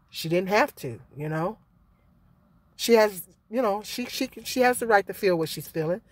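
Woman vlogger, middle-aged, emphatic, lively swinging pitch, dry close sound. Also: no echo. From Michigan, United States. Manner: emphatic, rhetorical questions, repeats "okay?". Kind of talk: casual opinion vlog.

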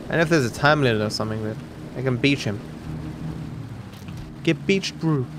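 A young Australian man giving live gameplay commentary, excitable and swearing in quick outbursts at the game. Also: medium pitch, noisy background. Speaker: streamer.

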